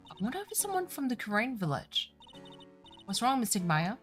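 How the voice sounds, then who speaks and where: A woman's voice: on the high side, big pitch swings, brisk, music in the background, voice pushed up. A woman voicing a cheerful, curious young female spirit medium from a courtroom game. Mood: excited.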